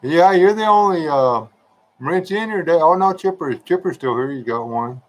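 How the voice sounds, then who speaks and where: A man's voice: a little high, expressive, normal speed, rough recording. A man hosting a livestream, chatting casually with viewers and joking around with them. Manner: laid-back, joking, chatting to viewers by name. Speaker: livestream host.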